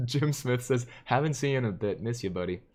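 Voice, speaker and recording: A man with a medium-pitched, animated, slightly mellow voice hosts a live stream at a moderate pace. He casually reads viewer comments aloud and jokes about them, chuckling often between comments.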